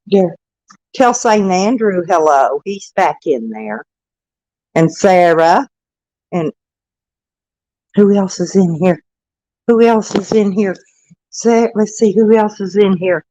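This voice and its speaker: A woman's voice: mid-range voice, animated, slow pace, long pauses, mellow, no echo, dull audio. An older woman, a grandmother, chatting casually on a vlog and cooing sing-song baby talk to her grandchild, laughing often. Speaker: vlogger and grandmother. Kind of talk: casual live-stream chat.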